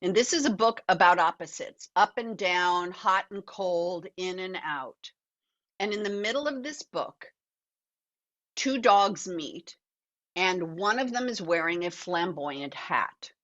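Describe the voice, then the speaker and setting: An older woman, an actor and author, being interviewed over a video call, telling earnest, animated stories from her life. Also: fairly low pitch, slow, lo-fi sound. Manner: animated, earnest, laughs often. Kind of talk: reflective conversational storytelling.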